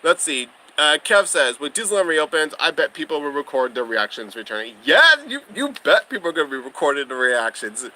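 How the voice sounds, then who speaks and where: Young guy doing a casual livestream chat, gushy and bubbly, laughs a lot, really bright lively voice. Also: a little high, a little fast, hardly any pauses, a little hiss or hum, low-quality recording. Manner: bubbly, laughs often, gushing. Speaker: livestream host.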